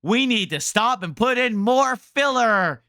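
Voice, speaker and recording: A man's voice: very high-pitched, expressive, unhurried, pushed and bright, dry recording, clean studio sound. A man streaming a game, ranting to his chat in a rambling, sarcastic way. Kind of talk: casual game rant to chat.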